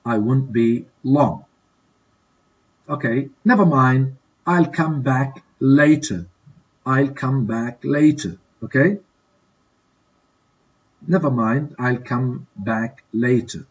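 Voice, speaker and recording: A man teaching an English lesson, reading exercise prompts and repeating the model answers slowly, often checking with "okay?". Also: medium pitch, steady tone, slightly rough, muffled recording. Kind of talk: classroom exercise walkthrough.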